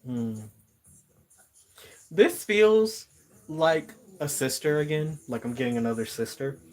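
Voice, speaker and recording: A man's voice: fairly high pitch, lively intonation, slow pace, darkish tone. A man giving a casual spiritual card reading to viewers, musing aloud and repeating words as he searches for messages. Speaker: tarot reader.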